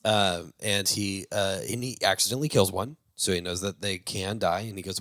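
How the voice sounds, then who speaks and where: A man's voice: low-pitched, moderate pace, fairly bright tone, dry recording, studio quality. Man rambling through a movie plot. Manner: rambling, with many fillers and restarts; laughs while talking. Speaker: movie review show host. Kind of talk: casual plot recap.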